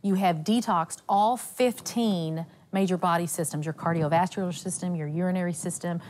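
Southern woman guest, lower voice, lively storyteller on a faith talk show. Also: normal speed, slight background noise. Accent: Southern American. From Nashville, USA. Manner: animated storytelling with quoted voices. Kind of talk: casual chat about faith and health.

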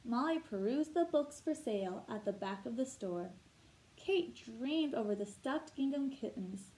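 A woman teacher reads a picture book aloud for children, shaping each line with storyteller expression. Her voice sits a little high, and she stops now and then to ask her listeners questions. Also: animated, a little slow, dark tone, rough recording.

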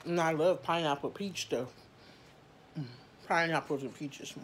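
A woman's voice: sits low, slight background noise. A woman reviewing snacks in a casual, candid vlog, chatting straight to her viewers with mild cursing. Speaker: food review vlogger.

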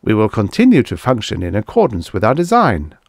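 A man voicing a calm, formal alien oracle machine that speaks in measured, unhurried sentences. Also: fairly low pitch, vocal fry, dry recording, studio quality, heavily acted.

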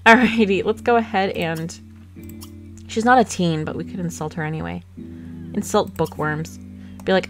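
A gaming channel host with a fairly low voice chats casually into a desk microphone about her life-simulation game, with faint music behind her. She's animated, playful and sassy, laughing often as she bosses her characters around, and speaks at a measured pace with long pauses.

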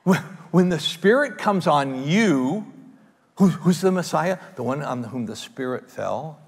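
A male pastor preaching a sermon in a lively, conversational way, often restarting phrases, with a gravelly, husky voice. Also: a little high, measured pace, long reverb tail. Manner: animated, conversational preaching with repeated starts. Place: large church hall.

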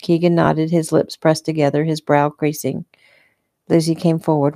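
A woman's voice: low-pitched, little pitch movement, moderate pace, mellow, dry recording, studio quality. A woman casually reading her own novel aloud at home, with small slips along the way. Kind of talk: casual read-aloud narration.

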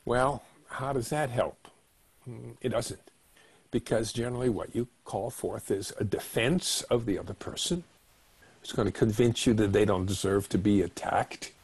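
An older man giving a slow, reflective webinar talk on relationships, now and then acting out short quoted exchanges. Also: on the low side, darkish tone, breathy edge. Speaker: doctor giving a meditation talk. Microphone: webinar microphone.

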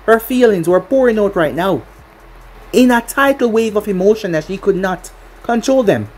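A woman reads fan fiction aloud as a narrator. Her voice is husky, and her pitch moves about a great deal. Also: lively intonation, moderate pace, darkish tone.

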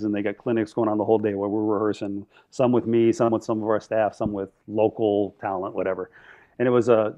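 A man telling stories on a podcast in a casual, animated way, acting out quotes and laughing often. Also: lowish voice, lo-fi sound. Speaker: podcast guest, drum line instructor. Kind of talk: casual storytelling.

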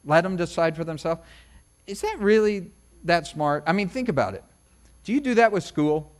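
A man's voice: high voice, animated, normal speed. A middle-aged man preaching as a pastor, in a conversational sermon full of asides and personal stories. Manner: chatty, storytelling, many asides. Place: church service.

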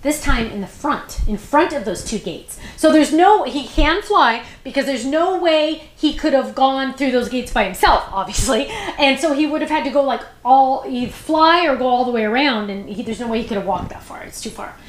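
A woman's voice: high-pitched, animated, normal speed, hardly any pauses, echoey room. Chatty woman hosting a craft show. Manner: chatty, rambling storyteller with many fillers. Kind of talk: casual chat on a live craft show.

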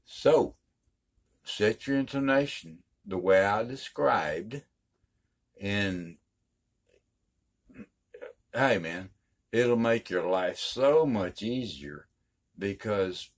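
Slow husky-voiced older man teaching guitar. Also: on the low side. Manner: folksy, emphatic, repeats himself. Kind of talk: casual video lesson.

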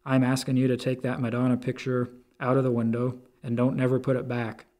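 Stern preachy young guy, read by a man, blunt and insistent, low flat voice. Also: brisk, close to an everyday voice. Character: stern zealous young male monk.

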